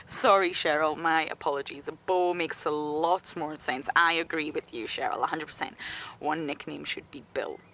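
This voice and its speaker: A woman's voice: low-pitched, a bit bright, a little hiss or hum. A woman safari guide giving chatty live wildlife commentary outdoors on a game drive, often laughing and dropping to a whisper near the animals.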